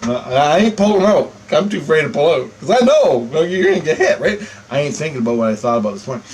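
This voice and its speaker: A man telling a personal story in a casual monologue, animated and profane, chuckling between lines. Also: fairly high pitch, quick pace, a little hiss or hum, poor audio. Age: adult.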